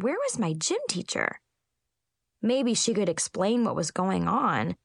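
A woman narrating a first-person storybook in an expressive, comic way. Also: medium pitch, vocal fry, dry recording, studio quality. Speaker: audiobook narrator.

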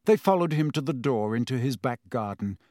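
A man narrating an audiobook in a measured, steady storytelling manner. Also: mid-range voice, no echo, clean studio sound. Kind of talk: scripted narration.

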